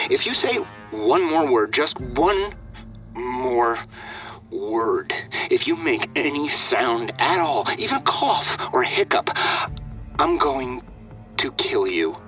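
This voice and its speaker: A man's voice: mid-range voice, lively intonation, measured pace, long pauses, pushed and bright, distant mic, faint music behind, pitched above the performer's own voice. A man voicing an unhinged, sneering male hostage-taker who swings from sarcasm to screaming. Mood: cold threatening.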